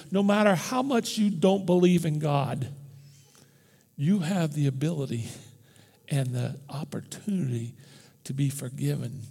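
A man preaching an Easter sermon as pastor, conversational and impassioned, swinging from loud bursts to hushed near-whispers. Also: high voice, gravelly, long reverb tail. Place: church.

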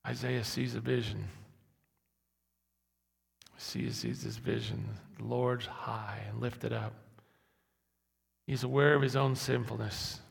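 Gravelly pastor preaching in a reverberant hall. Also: male voice, medium pitch, animated, slow pace, pauses often. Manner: builds from quiet talk to loud emphatic repetition. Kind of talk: sermon. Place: church hall. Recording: echoey hall, long reverb.

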